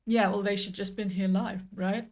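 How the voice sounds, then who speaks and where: A woman's voice: mid-range voice, little pitch movement, moderate pace, a little mellow. A woman streaming a game, chatting casually in a rambling, self-deprecating way. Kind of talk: casual gameplay commentary.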